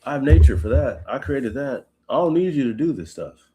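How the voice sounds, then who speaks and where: A man's voice: mid-range voice, lively intonation, brisk, mellow, slight background noise, voice pushed up, lightly acted. A man paraphrasing God as a sarcastic, all-powerful creator in a casual, everyday voice.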